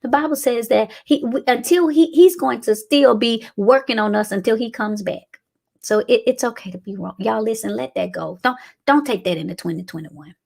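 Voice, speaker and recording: Woman preaching a countdown, higher-pitched voice, acts out folks she quotes, asks y'all if she's helping. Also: moderate pace, creaky, a little mellow. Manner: preacherly, acts out quoted people, call-and-response asides. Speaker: host. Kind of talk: motivational preaching talk.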